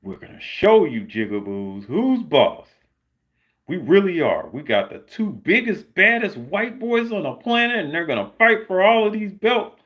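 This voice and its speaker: A man's voice: high voice, sing-song, measured pace, fairly bright tone, voice pushed up, exaggerated voice. A man putting on a mocking impression of a gloating, boastful bigot on his livestream. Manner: mocking, exaggerated sneer.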